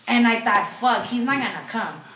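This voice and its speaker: Woman, profane, bilingual chatter, slightly high voice, echoey distant room sound. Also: animated, normal speed, fairly bright tone. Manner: profane, mixes English and Spanish. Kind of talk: casual storytelling among friends. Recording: echoey room, off-mic, faint noise.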